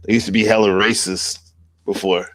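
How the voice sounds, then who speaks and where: A man's voice: on the low side, flat delivery, moderate pace, fairly bright tone, no room sound. A man hosting a podcast in casual chat, loose and talkative, laughing often. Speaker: podcast host.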